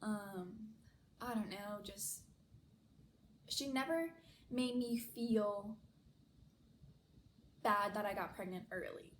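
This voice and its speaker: A woman's voice: medium pitch, slow, pauses often, fairly bright tone. Chatty young woman, echoey room. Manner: chatty, lots of "like" fillers. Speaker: vlogger. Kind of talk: casual storytelling. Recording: echoey room, faint noise.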